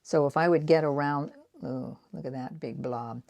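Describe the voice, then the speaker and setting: A woman in her sixties from the Boston area, with a Boston accent, chats casually while making art prints as an art vlogger. Her voice is low and a little mellow with vocal fry at a moderate pace, and she rambles, self-deprecates, and talks while painting.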